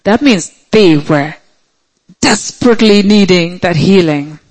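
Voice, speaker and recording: A man preaching a sermon, emphatic, repeating key phrases and slowing down to stretch words for stress. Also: high-pitched, rough recording.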